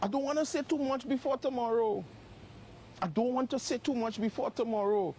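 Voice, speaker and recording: A man's voice: very high-pitched, brisk, a little mellow, slight background noise. A man livestreaming from outdoors on his phone, making repeated, emphatic accusations. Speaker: live-stream host. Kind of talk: livestream exposé. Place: outdoors by a property.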